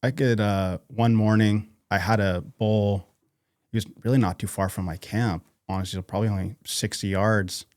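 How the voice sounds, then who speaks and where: A man from North Idaho, a podcast guest talking casually in a halting way, with many fillers and restarts. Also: lowish voice, fairly even intonation, darkish tone, dry recording, studio quality. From North Idaho, USA. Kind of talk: casual interview conversation.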